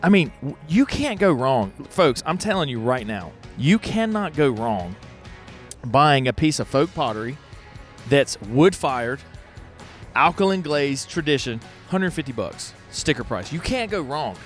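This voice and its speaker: A man hosting an unscripted festival walkthrough, excitable and folksy, talking straight to viewers on a handheld mic. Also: mid-range voice, a little slow, faint music behind. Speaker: host walking a pottery festival. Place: outdoor festival grounds. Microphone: handheld microphone.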